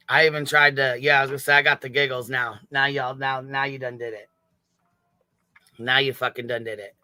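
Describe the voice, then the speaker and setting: A man's voice: mid-range voice, steady tone, moderate pace, sharp tone, dry recording. A man giggly profane livestream host. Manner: profane, giggly, thanking chat members. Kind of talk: casual livestream chat.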